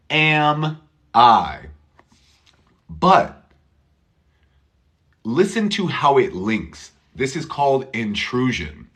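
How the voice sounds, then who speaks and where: A man's voice: medium pitch, a bit bright. A man teaching English pronunciation, who patiently repeats words and switches to Spanish for his learners.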